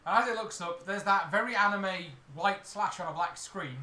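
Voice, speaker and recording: Bright high-voiced man running a tabletop game. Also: normal speed, hardly any pauses. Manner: relaxed, hesitant with fillers, laughs while narrating. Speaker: dungeon master. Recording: echoey room with faint noise.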